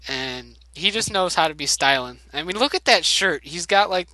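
A man's voice: a little high, expressive, normal speed, bright, forceful tone, no echo, poor audio. A man casually recapping a show episode, rambling and joking with plenty of swearing. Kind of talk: casual comedic recap chat.

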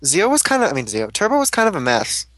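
A man hosts a casual podcast chat. He rambles along with a higher-than-usual pitch and drops swear words freely. The sound is dry and close, with no room echo. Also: wildly swooping pitch, fast, a bit bright.

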